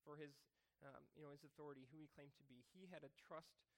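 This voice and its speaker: A man's voice: on the high side, fairly even intonation, fairly quick. A man preaching a casual sermon, reading scripture and then explaining it in a loose, conversational way that corrects itself as he goes. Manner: conversational, self-correcting, chuckles at himself. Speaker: pastor.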